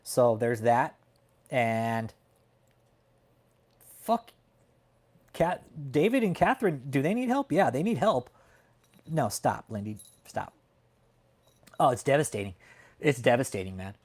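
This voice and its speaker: A man's voice: medium pitch, big pitch swings, slow pace, long pauses, a little mellow, husky. A man from California hosting a casual livestream chat, talking in a heated, profane, emphatic way and often tacking on "man". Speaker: livestream host. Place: home in Texas.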